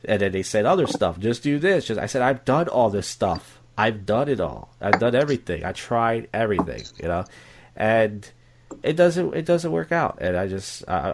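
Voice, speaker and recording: A man talking candidly in casual conversation, rambling and repeating himself, blunt and profane. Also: lowish voice.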